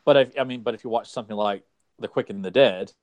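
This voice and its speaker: A man's voice: on the low side, fast talker, no room sound, narrow, tinny audio. A man co-hosting a podcast, chatting casually and enthusiastically about an old cartoon in a rambling way. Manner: enthusiastic, rambling fan talk. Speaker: podcast co-host.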